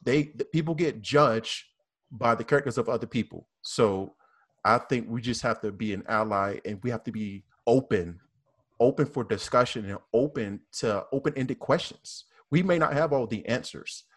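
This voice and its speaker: An earnest man talks as a police officer guest on a discussion panel. His voice sits at an average pitch, and he circles back over his points with halting restarts and repeated phrases. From American South.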